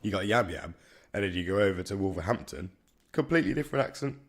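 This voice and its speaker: A man's voice: low-pitched, animated, fast. A young man with a Birmingham accent, co-hosting a casual podcast chat and rambling with many restarts. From Birmingham, England. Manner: rambling, stumbles and restarts often. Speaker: podcast co-host.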